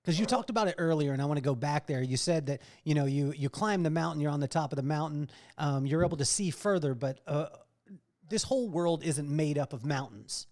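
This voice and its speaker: Male host with a fairly high pitch, asks rambling, winding questions. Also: brisk, a little mellow. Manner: long winding questions with restarts. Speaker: podcast host. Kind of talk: interview questions.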